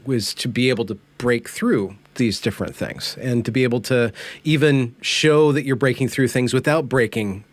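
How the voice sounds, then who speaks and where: A man hosting a conversation podcast, speaking thoughtfully and searching for words with many pauses and fillers. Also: mid-range voice, no echo. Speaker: podcast host. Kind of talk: casual conversation.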